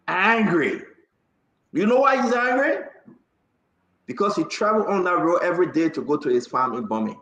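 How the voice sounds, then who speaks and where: High-voiced man hosting talk. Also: fairly bright tone. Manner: emphatic, pleading, repeats for effect. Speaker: talk show host. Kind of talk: live political talk show. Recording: roomy echo.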